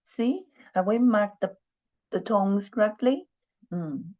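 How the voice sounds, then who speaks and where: A woman's voice: mid-range voice, animated, slow pace, warm tone, dull audio. A woman teaching a beginner class in English, patient and repetitive, often checking that students follow. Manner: patient, repeats herself, asks "are you clear?". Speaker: Chinese teacher. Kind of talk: slow live language lesson.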